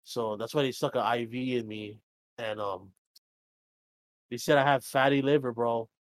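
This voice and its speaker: A man's voice: medium pitch, steady tone, normal speed, no room sound. Casual young man, dry close sound. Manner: rambling, swears freely, acts out both sides of dialogue. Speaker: podcast co-host. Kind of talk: casual podcast chat.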